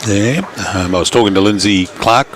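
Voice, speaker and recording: A man's voice: on the low side, moderate pace, a bit bright, slight background noise. A man co-commentating lawn bowls, laid-back with short remarks, recorded outdoors at the club. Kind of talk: live sports commentary. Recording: outdoor ambience behind.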